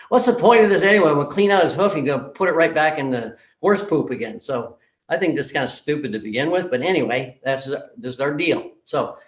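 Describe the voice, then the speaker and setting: A man giving a conference talk, telling a story in an animated way and acting out the dialogue. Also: fairly high pitch, a little fast. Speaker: conference speaker. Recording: roomy echo.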